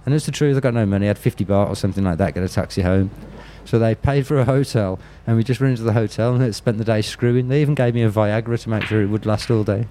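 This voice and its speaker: Here a man with a Birmingham English accent, originally from Birmingham, recounts candid tales in an interview, swearing bluntly and restarting often. He talks fast with few pauses in a fairly low, dark voice, and there's a little hiss or hum.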